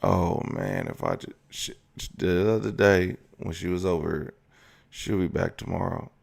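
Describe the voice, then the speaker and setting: A man, a father, giving relaxed reaction commentary, talking slowly with frequent ums and uhs. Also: sits low, vocal fry. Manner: laid-back, fatherly, hesitant with fillers. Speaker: reaction channel host.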